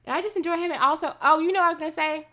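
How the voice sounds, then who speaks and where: Chatty woman with a bright voice. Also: very high voice, very fast. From Texas. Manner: chatty, frequent "like" and "um" fillers, laughs easily. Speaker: podcast co-host. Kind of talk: casual chat.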